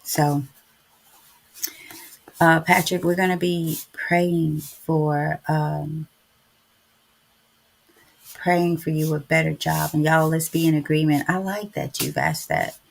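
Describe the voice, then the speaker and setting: Her voice sits low and creaky, and she takes her time, leaving long pauses. A middle-aged woman hosting a devotional live-stream chat as a podcast host, she's chatty and preachy, often saying y'all to listeners.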